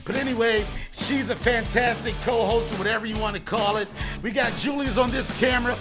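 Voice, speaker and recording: A middle-aged man hosting a comedy podcast, brash, profane and joking, often slipping into a loud hype voice. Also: extremely high pitch, steady tone, a little fast, over music. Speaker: podcast host.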